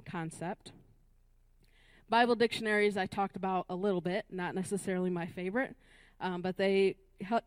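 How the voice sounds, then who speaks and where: A woman's voice: medium pitch, darkish tone, clear, resonant tone, dry recording. A woman leading a Bible study class, recapping earlier weeks and asking the group questions, often checking in with "right?" and "Amen?".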